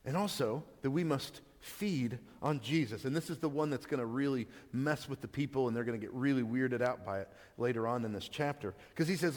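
A man's voice: mid-range voice, a little fast, few pauses, a little mellow. Man preaching conversationally in a reverberant hall. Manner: conversational, with frequent stammered restarts. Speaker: pastor. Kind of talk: sermon.

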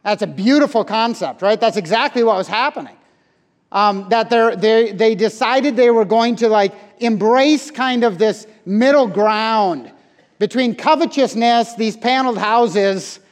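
A high-voiced man delivers an earnest evening sermon, explaining each point patiently and filling pauses with uh and um. His voice carries through a large hall with a long, lingering reverb. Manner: earnest and explanatory, frequent uh and um fillers. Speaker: preacher.

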